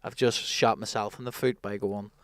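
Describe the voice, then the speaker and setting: A man's voice: fairly low pitch, steady tone, normal speed, a bit bright, no echo. Easygoing man in banter. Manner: easygoing, joking, swearing banter. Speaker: talk show co-host. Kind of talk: casual chat.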